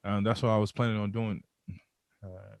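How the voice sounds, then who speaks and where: A man, a podcast guest, telling a candid personal story in an animated way and acting out his own thoughts. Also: lowish voice, moderate pace, vocal fry, no echo.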